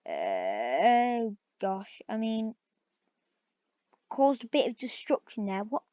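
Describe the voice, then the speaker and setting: A woman's voice: fairly high pitch, wildly swooping pitch, slow pace, mellow, no room sound. A woman giving casual gameplay commentary, chatting to in-game animals and breaking into surprised exclaims. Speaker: gaming video host. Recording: dull lo-fi recording, dry.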